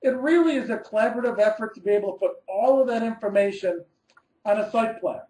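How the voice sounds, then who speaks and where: A man's voice: sits high, fast, darkish tone, reverberant, rough recording. A man, an architect, giving a scripted webinar presentation, reading methodically through numbered steps and stressing key words.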